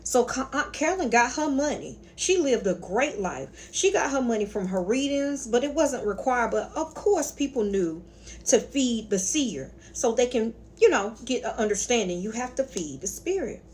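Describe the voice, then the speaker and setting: A woman's voice: a little high, big pitch swings, moderate pace, slight background noise. A woman with a Southern accent hosting her own spiritual channel, telling a story in a sassy, colloquial way and calling her viewers honey and y'all. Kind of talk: casual storytelling lecture.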